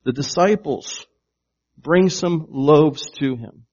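A man's voice: fairly high pitch, slow pace, darkish tone, dull audio. A man preaching a sermon, emphatic and shifting his volume to stress words, often asking his congregation questions. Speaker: pastor.

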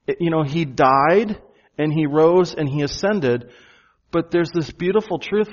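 A man preaching a sermon to his church, earnest, slowing down and stressing key phrases. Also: a little high, muffled recording. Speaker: pastor.

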